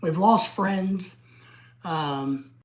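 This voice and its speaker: A woman's voice: fairly low pitch, extremely slow. Middle-aged woman on a livestream, fired up and ranting, swears a lot, blunt. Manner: excitable ranting, blunt and profane. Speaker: livestream host. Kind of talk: casual livestream chat.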